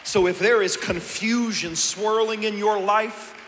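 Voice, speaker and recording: A male pastor preaching a sermon, dropping to a hush and rising to shouts, acting out a scene on stage. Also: sits high, steady tone, measured pace, big-room sound, slight background noise. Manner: swings from hushed to shouting. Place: church sanctuary.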